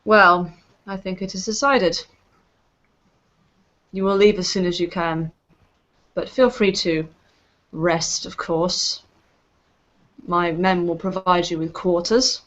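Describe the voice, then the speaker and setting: A woman's voice: lowish voice, fairly even intonation, fairly bright tone. A woman playing an imperious elf matron. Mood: formal. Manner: formal, deliberate. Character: imperious elf high matron, cool and probing. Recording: dull lo-fi recording.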